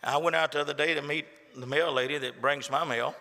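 Male preacher, fairly high, very bright and forceful tone, folksy delivery, church reverb. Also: fairly even intonation, fairly quick, vocal fry. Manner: folksy storytelling, building to impassioned peaks. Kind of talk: sermon. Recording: echoey hall reverb.

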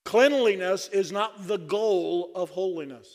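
A man's voice: high voice, a little slow, a little mellow. A man preaching a sermon at a conference, fervent and dry-humored. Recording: long hall reverb.

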